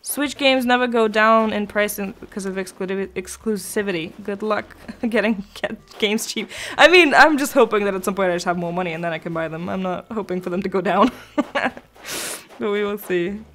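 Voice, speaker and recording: A woman's voice: mid-range voice, brisk, fairly bright tone. A young woman chatting casually while live-streaming a video game, rambling between thoughts and answering her chat.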